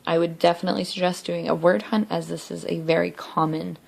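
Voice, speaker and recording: A young woman teacher talking through a recorded spelling lesson, saying words slowly and clearly one at a time. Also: fairly low pitch, flat delivery. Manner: slow, clear word-by-word demonstration.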